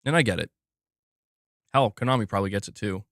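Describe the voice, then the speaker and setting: A man's voice: lowish voice, fast, a bit bright, dry recording, studio quality. A young man hosting a casual gaming livestream, rambling with many restarts and addressing the chat as dude and bro. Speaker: livestream host.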